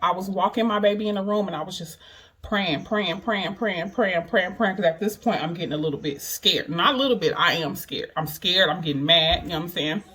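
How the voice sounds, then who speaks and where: A woman's voice: lowish voice, brisk, sharp tone, a little hiss or hum. A woman vlogger telling a personal story in casual, chatty talk, emphatic and earnest, often asking "you know what I mean".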